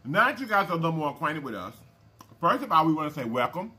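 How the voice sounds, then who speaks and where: A mukbang channel host, this man speaks on the high side, fast and sing-song, with a bright, forceful tone. He runs a casual eating show in a folksy, chatty way, calling viewers y'all and baby and humming over his food.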